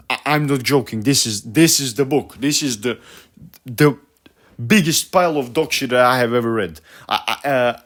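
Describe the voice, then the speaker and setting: A man's voice: medium pitch, fairly bright tone. A young man ranting about a book he hates, profane and exasperated, stumbling over his words with many fillers. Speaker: vlogger.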